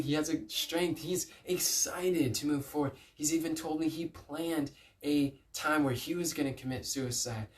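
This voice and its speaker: A man giving an earnest, pleading inspirational Christian message, telling stories with emphatic repeats. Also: a little high. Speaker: Christian speaker. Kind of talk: inspirational preaching to camera.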